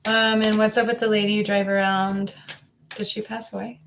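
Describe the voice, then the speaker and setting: A woman's voice: mid-range voice, level tone, normal speed, a bit bright, soft background music. A woman giving a live psychic reading to a viewer, talking in a coaxing, repetitive way and circling back over the same phrases. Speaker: psychic reader.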